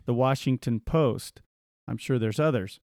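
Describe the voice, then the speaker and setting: A man talking casually on a podcast at an ordinary pitch. He reads passages aloud and adds sarcastic remarks. The sound is dry and close to the mic. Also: unhurried, a little mellow, no echo. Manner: reads quotes aloud, sarcastic, laughs often. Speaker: podcast co-host. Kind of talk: casual conversational commentary.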